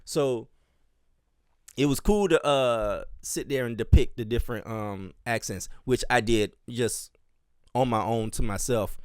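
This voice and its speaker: A Southern-accented man from Miami and Charleston, a dance teacher, hosts his own podcast in a loose solo chat. He rambles in a smooth, slightly mellow, mid-range voice at a measured pace, with many fillers and restarts. The recording is clean studio sound with no echo.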